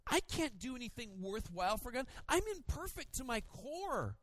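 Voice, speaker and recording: A male pastor preaching a sermon, storytelling in an animated way with playful mimicry. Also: very high-pitched, normal speed, dry recording.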